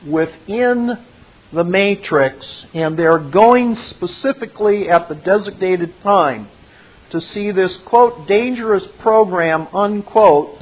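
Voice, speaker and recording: Brief: high-voiced male commentator, slow and deliberate, dull lo-fi recording. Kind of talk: retelling a film scene with commentary.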